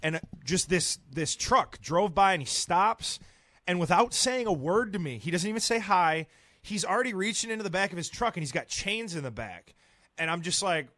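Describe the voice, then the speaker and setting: A young man co-hosts a sports radio show. He tells a long story in a rambling way, full of restarts. His voice sits a little high, and the studio sound is dry. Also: animated, fairly quick, sharp tone, no echo. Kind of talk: casual studio chat.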